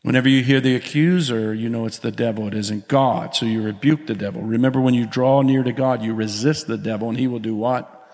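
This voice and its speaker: A man of middle pitch preaches a sermon with animated call-outs to his congregation. His voice carries a long reverb from a large church sanctuary. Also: a little fast. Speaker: pastor.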